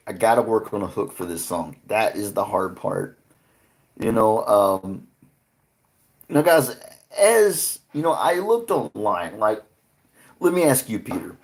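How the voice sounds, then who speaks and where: A man hosting a casual livestream, chatting loosely with viewers, swearing freely and laughing often. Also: fairly low pitch. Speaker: livestream host. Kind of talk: casual live-stream chat with viewers.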